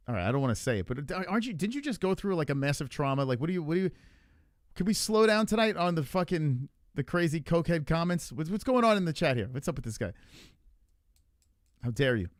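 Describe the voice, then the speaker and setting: A man with a voice on the high side hosts a livestream, reading the chat and chatting casually in a rambling, heavily profane way. The recording is dry, with clean studio sound.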